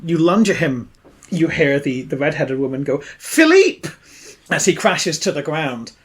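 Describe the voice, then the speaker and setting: A man's voice: fairly high pitch, moderate pace. A man running a tabletop role-playing podcast as game master, narrating scenes and laughing often.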